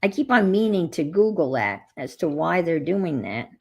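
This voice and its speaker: Woman, livestream craft host, gravelly and husky, rambling casual chat. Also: lowish voice, very animated, moderate pace. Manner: chatty, rambling, greets viewers by name.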